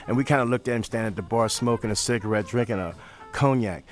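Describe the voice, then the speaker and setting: An older man from St. Louis, telling stories as an interview guest in a relaxed manner, repeating phrases. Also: lowish voice, quick pace, faint music behind. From St. Louis, USA. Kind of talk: storytelling in an interview.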